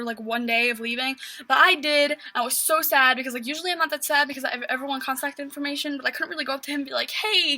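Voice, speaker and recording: A woman's voice: sits high, bright, forceful tone, a little hiss or hum, rough recording. A teenage girl vlogging a casual story at home, rambling with lots of fillers. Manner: rambling, filler-heavy with constant "like".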